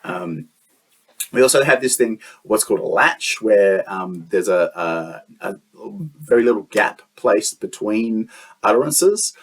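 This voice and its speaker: A man's voice: fairly low pitch, expressive, unhurried, breathy edge. A man teaching a lesson, explaining step by step with frequent "um" and "uh" fillers. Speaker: lecturer. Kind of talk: teaching lecture.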